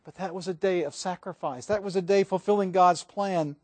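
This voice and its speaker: A male pastor preaching a sermon, reading scripture aloud and moving between swelling emphasis and hushed passages. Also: sits high, fairly quick, dry recording.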